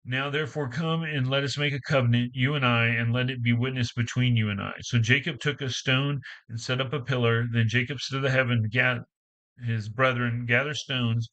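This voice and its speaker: A man reading scripture aloud in a halting way, restarting phrases and adding casual asides. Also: medium pitch, fairly even intonation, a bit bright, highs cut off. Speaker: Bible reader and commentator.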